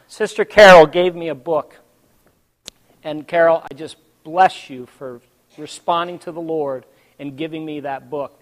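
Guy preaching a sermon, pretty high voice for a man, goes from whispery quiet to loud, tells it like a story. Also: in a large hall. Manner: dramatic storytelling, swinging from hushed to loud; addresses the congregation directly.

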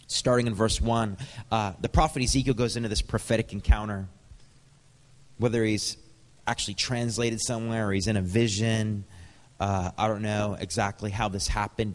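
A man preaching in a church, his voice sitting low and carried by the long reverb of a large hall. He tells stories with animated quoted dialogue, then reads scripture aloud to the congregation. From Canada. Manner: storytelling, lively, animated quotes. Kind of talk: sermon.

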